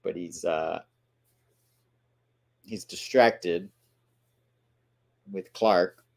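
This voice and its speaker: A man's voice: low voice, drawn-out words, creaky. A man hosting a movie watchalong, casually commenting on scenes, laughing often and playfully quoting the characters.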